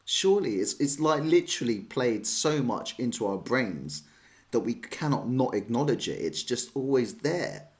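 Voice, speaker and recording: A man's voice: medium pitch, big pitch swings, moderate pace. An English man streaming chess, chatting casually and rambling as he answers viewers' questions. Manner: chatty, rambling, self-deprecating.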